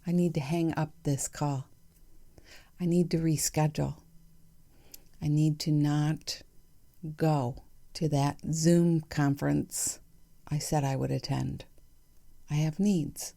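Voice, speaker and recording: A woman hosting her own podcast, talking candidly and reflectively in a chatty way with soft laughs. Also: sits low, steady tone, slow, creaky, long pauses. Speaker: podcast host. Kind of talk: reflective solo podcast monologue.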